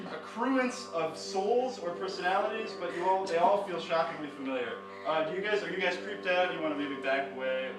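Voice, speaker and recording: A man narrating an interactive story to a live audience in a rambling, playful way, full of fillers, restarts and joking asides. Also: on the high side. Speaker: storyteller and comics reader. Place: live performance venue. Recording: echoey room from a distance with music.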